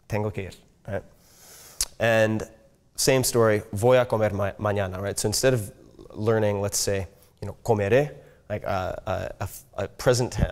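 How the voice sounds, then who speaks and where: A man's voice: fairly low pitch, darkish tone. A man giving a casual talk on learning languages, checking in with "right?" as he goes. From United States. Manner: conversational, frequent "right?" check-ins. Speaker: speaker teaching language learning.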